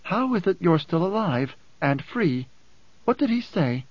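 A man's voice: sits high, sing-song, measured pace, no room sound, pitched above the performer's own voice, full character voice. A man voicing a fierce, proud teenage girl who snaps and sneers, in an audiobook. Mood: defiant. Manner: defiant, snapping, scornful. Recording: dull dry close recording.

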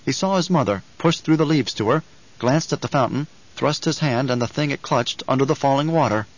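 Guy reading a novel aloud, steady even voice, kinda dull lo-fi audiobook sound. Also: mid-range voice, fairly quick. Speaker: audiobook narrator. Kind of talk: scripted narration.

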